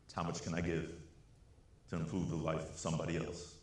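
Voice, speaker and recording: A low-voiced man tells a story to a conference audience, slipping into the voices of the people he quotes. His voice rings out through a big echoey hall. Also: monotone, a little fast, darkish tone. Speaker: keynote speaker. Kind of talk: storytelling speech.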